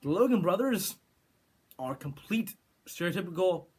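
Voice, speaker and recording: High-voiced sarcastic young man reviewing films. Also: expressive, normal speed, darkish tone, breathy edge. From California. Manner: sarcastic, rambling with restarts. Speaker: film reviewer. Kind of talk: opinionated movie review rant.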